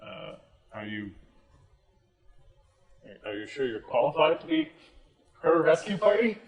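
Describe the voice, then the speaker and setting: A man voicing a calm, deep-voiced male gold dragon in a tabletop game, asking measured, probing questions. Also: creaky, echoey room, highs cut off, exaggerated voice.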